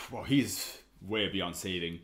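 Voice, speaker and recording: A man's voice: sits low, sharp tone. A man hosting an anime reaction video, chatting casually while he stands, jokey and laughing often.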